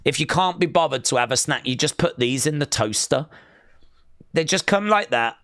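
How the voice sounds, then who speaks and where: A man's voice: fairly high pitch, animated, normal speed, fairly bright tone, dry recording, clean studio sound. An English man hosting a live stream, reading viewer comments aloud and bantering with them in a playful, teasing way.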